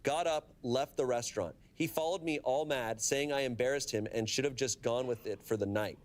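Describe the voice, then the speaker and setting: A man reading a story aloud and chatting casually with friends, in an animated way. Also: mid-range voice, moderate pace.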